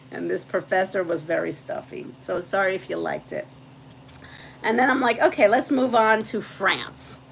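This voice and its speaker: A woman's voice: medium pitch, creaky, a bit bright, rough recording. Chatty lady quilter talking while she sews, laughs a lot, bit of faint noise behind. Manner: chatty, laughs often, reads out trivia questions. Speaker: quilting channel host. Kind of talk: casual chat while quilting.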